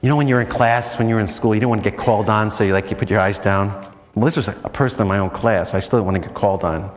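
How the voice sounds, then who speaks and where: An American priest gives a chatty, self-mocking retreat talk, telling stories packed with "you know"s and often leaping into animated high swoops. He speaks fast, in a large hall.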